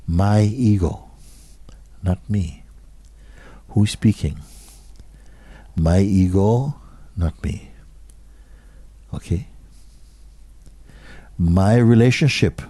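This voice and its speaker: A man addresses an audience as a spiritual teacher, slowly posing questions, echoing brief phrases and now and then sinking nearly to a whisper. His voice leans low and is warm and slightly rough, recorded without echo.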